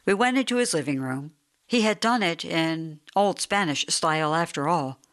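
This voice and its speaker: A woman reads a short story aloud as an audiobook narrator. Her delivery is steady and even, in a slightly low voice.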